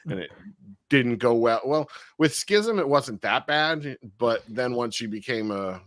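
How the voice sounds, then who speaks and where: A man chatting casually on a podcast, quick to agree and prone to light chuckles. His voice is mid-pitched and the recording is dry and close. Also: expressive, fairly bright tone, no echo. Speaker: podcast co-host. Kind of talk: casual chat.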